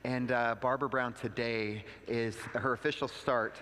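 A man's voice: medium pitch, fairly even intonation, moderate pace, fairly bright tone, big-room sound. A man pastor delivering a conversational sermon, telling stories with quoted asides and leading a prayer. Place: church sanctuary.

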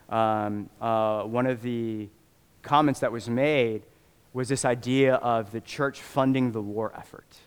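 A man preaching a sermon as pastor, impassioned, sometimes acting out the voices of the people he describes and rising to shouts. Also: medium pitch, smooth. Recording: long hall reverb.

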